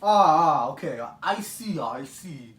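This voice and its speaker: A man playing a pompous male talk-show host with a formal announcer delivery, slow and lively in pitch. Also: reverberant, noisy background.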